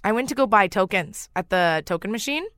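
A woman's voice: mid-range voice, lively intonation, fairly quick, a bit bright, no echo, studio quality. A woman, a regular co-host on a radio talk show, giggly and easygoing in conversation.

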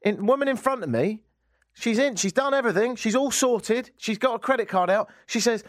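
A man's voice: very high-pitched, brisk, no echo, studio quality. A man with an English accent hosting a radio talk show, talking in a wry, exasperated comic rant. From England. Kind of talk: casual comic radio monologue. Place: radio studio.

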